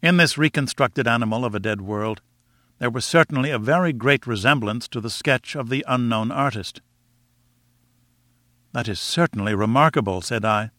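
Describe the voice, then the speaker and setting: A man narrating a novel in a measured, even reading voice. His tone is bright and forceful, and the recording is close and dry. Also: medium pitch, no room sound. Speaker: audiobook narrator. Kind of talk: scripted narration.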